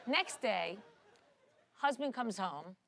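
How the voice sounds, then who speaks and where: A woman's voice: mid-range voice, animated, takes it slowly, vocal fry, fairly bright tone, no room sound, some chatter behind. A woman telling a joke in a chatty way, full of fillers. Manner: chatty, with fillers like "you know".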